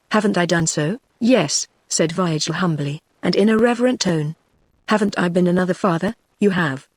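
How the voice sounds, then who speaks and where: A text-to-speech voice of a woman with a British accent, reading a novel aloud in an even, measured way. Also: fairly low pitch, no echo. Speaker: audiobook narrator.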